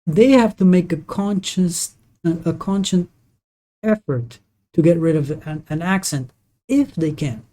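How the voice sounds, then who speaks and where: A native Portuguese speaker streaming live, chatting casually while gaming in a halting, opinionated way with many restarts. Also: mid-range voice, mellow.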